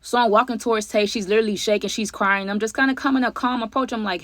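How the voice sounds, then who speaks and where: A woman telling a storytime vlog to her viewers, animated and slangy, calling them y'all and acting out what people said. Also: on the high side, quick pace, hardly any pauses, dry recording. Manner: acts out other people's lines mid-story.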